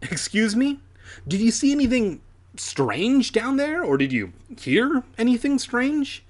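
A mild, concerned middle-aged father, put on by a man, earnest and a little fussy. The voice sits higher than the reader's own and swings lively up and down. It belongs to a comedic read-aloud of a spooky children's storybook. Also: unhurried, full character voice.

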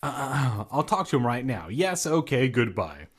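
A man's voice: medium pitch, very animated, unhurried, husky. A man voicing a stern scolding aunt. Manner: curt, clipped, scolding. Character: stern worried middle-aged aunt.

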